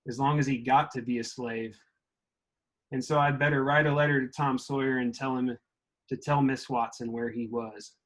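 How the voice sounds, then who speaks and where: A man's voice: mid-range voice, fairly bright tone, natural voice, poor audio. A man reading aloud as a young Southern boy wrestling with his conscience, in a mid-Southern US accent, with plain, earnest storytelling.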